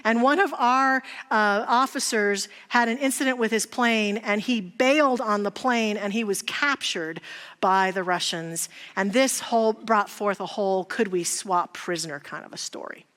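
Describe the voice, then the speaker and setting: A woman's voice: mid-range voice, moderate pace, fairly bright tone. A woman giving a sermon in an earnest, reflective storytelling manner. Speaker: speaker. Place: church sanctuary. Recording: long reverb of a hall.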